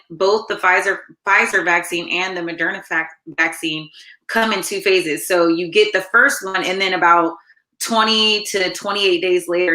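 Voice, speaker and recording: Bright-voiced woman co-hosting, echoey. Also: on the low side. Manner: explanatory, filler-heavy, lively. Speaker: co-host. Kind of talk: casual talk show.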